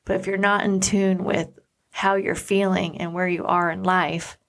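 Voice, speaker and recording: A woman co-hosting a podcast with her husband, talking things over in a casual, earnest way. Her voice sits low and carries a steady gravelly fry. She reflects as she talks and often pauses to find the right words. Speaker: podcast co-host. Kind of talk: casual chat.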